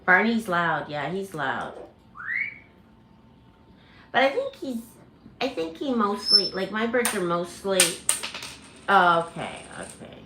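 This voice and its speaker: A woman's voice: mid-range voice, very animated, slow pace, long pauses. A woman hosting a casual livestream about her parrots, chatting with viewers and laughing as she imitates bird screams. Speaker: parrot channel host. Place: home full of parrots. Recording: echoey room with loud background noise. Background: parrots squawking.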